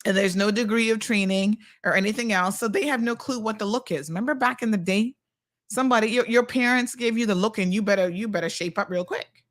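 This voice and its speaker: A Caymanian woman with an ordinary mid-range voice hosts a casual talk show. She reads viewer comments aloud and spins sassy, lively stories, peppering them with affectionate asides. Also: mid-range voice, a little fast. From Cayman Islands. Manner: sassy, animated storytelling with "honey child" asides. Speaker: host.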